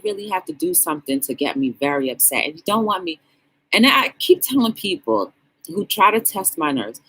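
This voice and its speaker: Female livestream host, husky voice, very lively pitch, casual chat style. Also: moderate pace, rough recording. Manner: animated, greets chat members with sudden high bursts. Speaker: talk show host reading live chat.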